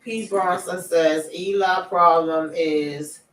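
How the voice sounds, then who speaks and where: A woman's voice: on the low side, steady tone, takes it slowly, reverberant, recorded from a distance, rough recording. A woman hosting a casual TV recap chat, telling the story loosely in slang and reading viewer comments aloud. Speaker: show host.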